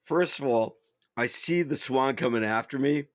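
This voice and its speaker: A man co-hosting a podcast livestream, talking in halting, stammering restarts. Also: mid-range voice, no room sound, clean studio sound. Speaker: podcast co-host. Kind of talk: casual livestream banter.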